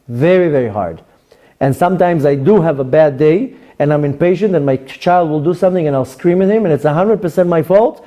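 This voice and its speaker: Middle-aged male rabbi, Israeli accent, mellow, lively pitch, acts out quoted voices. Sermon delivery. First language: Hebrew. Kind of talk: Torah class sermon.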